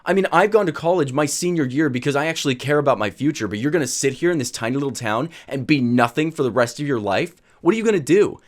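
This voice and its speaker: A man's voice: mid-range voice, animated, quick pace, close to an everyday voice. A bossy, nagging young girlfriend who scolds and keeps cutting in, as a man retells her words. Her voice moves up and down a lot as she accuses. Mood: berating. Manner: scolding, accusing, cuts him off.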